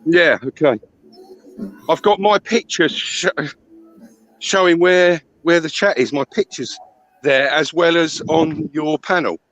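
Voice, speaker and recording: A man out of breath, chatting in a rambling, halting way while walking outdoors, talking into a phone. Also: a little high, fairly bright tone, poor audio. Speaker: stream guest. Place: outdoors at a holiday park.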